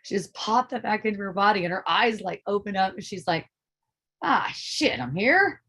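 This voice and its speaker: A middle-aged woman giving a casual spiritual talk, animated and profane, laughing often as she speaks. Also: medium pitch, fast talker. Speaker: spiritual teacher.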